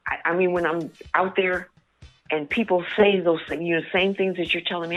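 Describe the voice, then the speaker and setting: A woman's voice: on the low side, steady tone, fairly quick. Earnest woman on a muffled radio line. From New York. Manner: earnest, warm-hearted, speaks of faith. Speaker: singer, interview guest. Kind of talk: phone-in radio interview. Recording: muffled lo-fi line with faint music.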